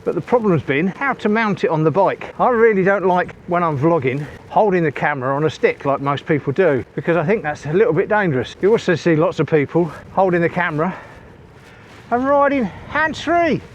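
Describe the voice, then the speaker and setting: A man's voice: a little high, a little fast, few pauses, lo-fi sound. A man talking casually to viewers while cycling outdoors, a bit out of breath, on a small clip-on mic. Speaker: cycling vlogger. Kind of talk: casual vlog talk while riding. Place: outdoors on a bike. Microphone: small wireless clip-on mic. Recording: faint outdoor noise.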